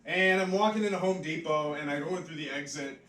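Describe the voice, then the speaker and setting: A man's voice: a little high, brisk, a bit bright, recorded from a distance. A man doing live stand-up comedy in a pub, rambling and offhand, with many "like" fillers. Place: pub stage, live audience. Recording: echoey pub mic heard from afar.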